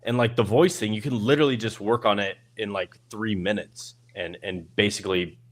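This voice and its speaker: A man's voice: lowish voice, fairly quick. A man in casual group talk, rambling a little and restarting his words as he explains. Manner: rambling, restarts words, animated quoting of others. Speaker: podcast host. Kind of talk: casual group chat on a stream.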